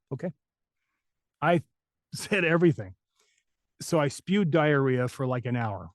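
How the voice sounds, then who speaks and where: A man who works as a voice actor, telling a story as a podcast guest in a lively, casual way and acting out the people he quotes. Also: medium pitch, measured pace, pauses often, dry recording, studio quality. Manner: animated, acts out the people he quotes.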